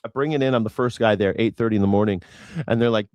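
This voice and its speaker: A man's voice: fairly low pitch, steady tone, fast, a little mellow, no room sound, studio quality. A man in his forties from Los Angeles hosting a casual livestream, rambling and sarcastic with jokey asides. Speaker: host of a news reaction stream.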